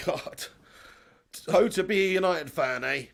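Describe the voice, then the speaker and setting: A young man hosting a live football watch-along, excitable and swearing as he shouts at the referee. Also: sits high, takes it slowly, vocal fry. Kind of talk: live match commentary and chat.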